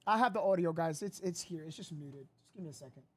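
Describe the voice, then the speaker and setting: A woman hosting a casual livestream, frustrated and rambling loudly while thanking viewers. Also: fairly low pitch, quick pace, breathy edge. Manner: frustrated, loud, swearing, rambling. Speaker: livestream host reacting to a live stream.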